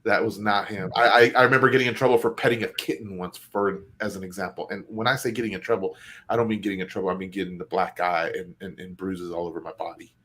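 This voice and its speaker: Earnest low-voiced man sharing stories. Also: steady tone, fast, a bit bright. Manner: earnest, emotional storytelling with many fillers. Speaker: co-host. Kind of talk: casual chat.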